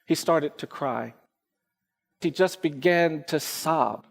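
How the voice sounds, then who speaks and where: A lawyer telling a personal story in a public speech, with measured, repetitive rhythmic phrasing. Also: male voice, fairly high pitch, creaky. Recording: echoey hall with faint music.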